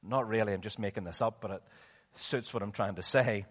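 A male preacher giving a sermon in a dramatic way, swinging between loud and hushed passages, heard with long hall reverb. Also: on the low side, a little fast.

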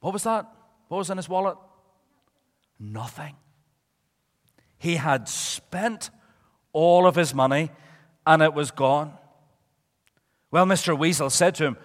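A man giving a children's talk in church, an animated storyteller who asks the children questions. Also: medium pitch, unhurried, long pauses. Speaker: preacher. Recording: echoey church hall.

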